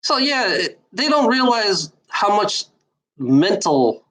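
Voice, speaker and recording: A woman's voice: mid-range voice, sing-song, takes it slowly, poor audio. A woman in her forties talking straight at the listener in a loose, casual monologue. She rambles, restarts and repeats phrases, and drops swear words all the time. Her tone is bitter and worn out. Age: 40s. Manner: rambling, repetitive, swears a lot. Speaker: vlogger giving life advice.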